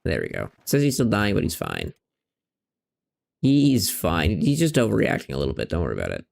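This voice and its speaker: A man's voice: low voice, wildly swooping pitch, brisk, vocal fry, a little mellow. A man streaming a game, chatting playfully through casual let's-play commentary and stopping to talk to his pet cat.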